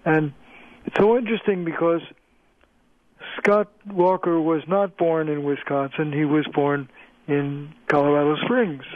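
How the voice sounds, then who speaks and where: A man's voice: a little high, no room sound. Older man on a tinny phone line. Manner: measured, explanatory, lecturing tone. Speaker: linguist guest. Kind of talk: phone-in radio interview.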